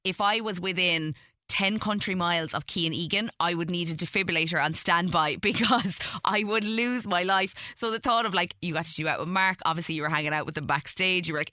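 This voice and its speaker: A woman's voice: on the low side, pushed and bright, no room sound, clean studio sound. A woman hosting an interview, chatting in a bubbly, jokey way. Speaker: radio host, interviewer. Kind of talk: casual interview chat.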